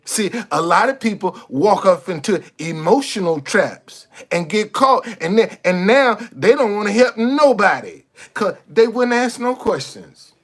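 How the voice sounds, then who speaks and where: High-voiced man, ranting bluntly and repetitively on a livestream. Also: expressive, a little slow, few pauses, fairly bright tone. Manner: preachy, repetitive, blunt with cursing. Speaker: livestream host. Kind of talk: casual livestream monologue.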